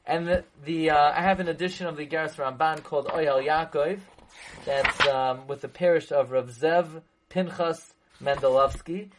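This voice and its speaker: A man's voice: fairly high pitch, fairly even intonation, moderate pace, noisy background. Emphatic man teaching a text. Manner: emphatic, repeats points, rhetorical questions; mixes in Hebrew and Yiddish terms. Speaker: Torah teacher. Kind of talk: text-study lecture.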